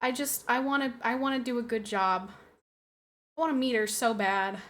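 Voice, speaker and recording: A young woman chats casually on a live stream in a bright, ringing voice pitched a little high. She talks emotionally, doubles back on her own phrases and laughs often while answering her audience. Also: moderate pace. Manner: emotional, repeats phrases, laughs often, reads chat aloud.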